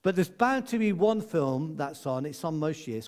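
A man's voice: fairly high pitch, animated, normal speed, darkish tone. A man giving a chatty, jokey Christmas sermon as a preacher, laughing often as he talks.

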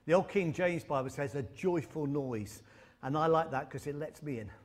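A man's voice: a little high, normal speed. A male preacher delivering a sermon, mixing humorous stories with emphatic repeated phrases. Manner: storytelling with humor and emphatic repetition.

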